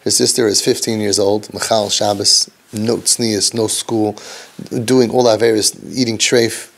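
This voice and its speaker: A man, a parenting counselor, gives an impassioned, preachy lecture, dropping low and soft and then rising for emphasis, with Yiddish and Hebrew terms mixed in. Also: little pitch movement, a little slow.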